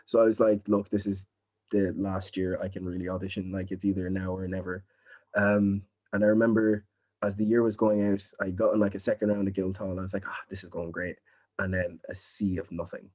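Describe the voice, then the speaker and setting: A man's voice: deep voice, level tone, brisk, darkish tone. A young man from Nigeria, a drama student, talking casually and earnestly in an interview over a video call, encouraging and often adding "you know what I mean". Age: young adult.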